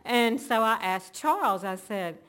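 A woman's voice: on the high side, expressive, unhurried, fairly bright tone, smooth. A woman telling an earnest, emotional personal faith testimony, linking events one after another. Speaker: church member giving testimony.

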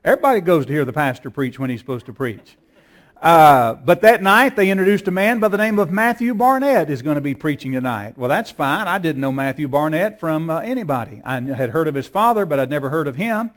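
Preacher guy, high-pitched voice, storytelling sermon, repeats himself, builds up loud. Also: expressive, brisk. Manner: storytelling, repeats words, rises to emphatic peaks. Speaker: pastor.

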